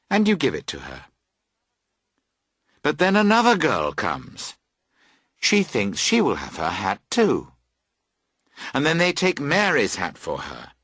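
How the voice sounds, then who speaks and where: A man reading a classic story aloud for language learners, slow, clear and very expressive. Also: lowish voice, no room sound, studio quality. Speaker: audiobook reader. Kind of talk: scripted storybook narration for learners.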